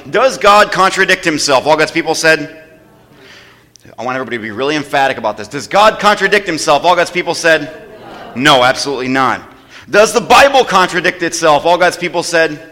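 A man's voice: mid-range voice, pushed and bright. Emphatic male preacher in a reverberant hall. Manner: call-and-response preaching, emphatic questions. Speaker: pastor. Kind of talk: sermon. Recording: long reverb of a large hall.

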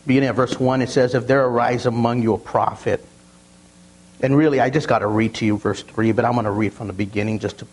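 A man preaching a sermon, stumbling over and repeating words as he tells stories, and reading scripture slowly with emphasis. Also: medium pitch, steady tone, rough recording. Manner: repeats words and restarts often, storytelling.

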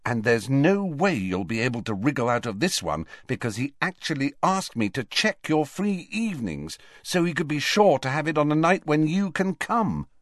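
A brisk, insistent teenage schoolgirl, clever and bossy, as a male audiobook reader puts her on. The voice sits higher than a man's usual talk and swings up when she gets indignant. The sound is dry and close. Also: very animated, no echo. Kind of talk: audiobook character voice.

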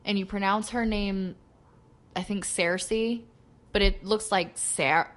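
Laughing, excitable woman podcast co-host. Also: mid-range voice, slow pace. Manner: excitable, joking, laughs often. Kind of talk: casual chat.

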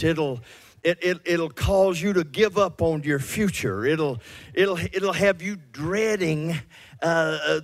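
A man preaching a sermon as a pastor, fervent, repeating words and swinging between loud and soft. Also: a little high.

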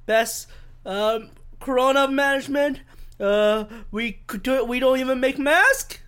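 Holding a handheld mic a little too far away, a podcast host rants alone at home in Vancouver, rambling, profane and self-mocking. The voice is high and measured in pace, a bit bright, clear and resonant.

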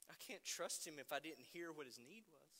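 A middle-aged male pastor preaching a sermon, telling stories about himself with animated, self-mocking humor. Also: a little high, a little fast. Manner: animated, self-deprecating storytelling. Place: church sanctuary. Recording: long reverb in a church hall.

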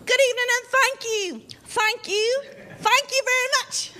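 A woman's voice: extremely high pitch, fairly even intonation, unhurried, bright, forceful tone, a little hiss or hum, pitched above the performer's own voice, heavily acted. A woman playing a beauty pageant contestant from Mississippi, over-polite and full of thank-yous. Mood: sugary. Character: chirpy Southern beauty queen from Mississippi. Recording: live club crowd laughter.

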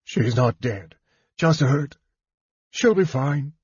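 A man doing a big gentle warrior, choked tender voice, husky, dry close sound. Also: medium pitch, animated, slow pace, dry recording, voice pushed up, heavily acted. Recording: dull lo-fi recording.

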